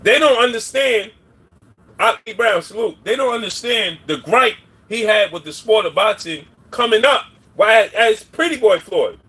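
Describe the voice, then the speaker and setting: A man's voice: high voice, animated, normal speed, bright, forceful tone, husky. A man hosting a casual livestream, giving opinions on boxing in a rambling way and greeting viewers by name. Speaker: boxing commentary livestream host.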